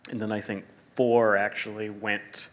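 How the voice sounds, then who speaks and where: A middle-aged man, a sneaker designer as guest, telling animated stories at a live store interview and acting out quotes. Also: fairly low pitch, measured pace. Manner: animated storyteller, acts out quotes, laughs often. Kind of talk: live stage interview storytelling.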